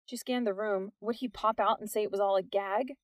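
A woman reading a novel aloud as the narrator, telling it at a steady storytelling pace. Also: mid-range voice, a little fast, dry recording.

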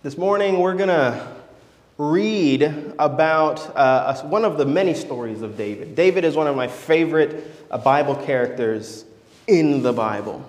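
A man's voice: on the high side, expressive, a little slow. A man preaching a sermon, telling a story and acting out its voices. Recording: echoey church hall.

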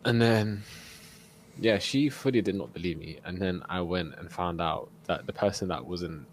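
A young man tells a long story and slips into the voices of the people in it, laughing as he goes. His voice sits very low, and a faint hum of room noise runs under it. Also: moderate pace. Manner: animated storyteller, acts out quotes, laughs often. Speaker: podcast co-host. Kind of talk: casual storytelling chat.

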